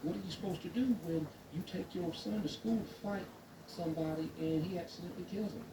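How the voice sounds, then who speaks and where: A man's voice: high voice, a little fast, vocal fry. A man reacting to a clip, sarcastic and incredulous. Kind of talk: casual reaction chat. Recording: roomy, distant, noisy.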